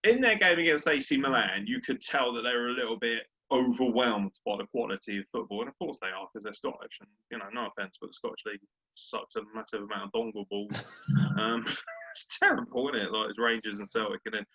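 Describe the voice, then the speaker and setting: A man's voice: mid-range voice, a little fast, bright, forceful tone, slightly rough. A young man, a podcast co-host in casual sports chat, brash, sweary and ranting. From Britain. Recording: dull lo-fi audio.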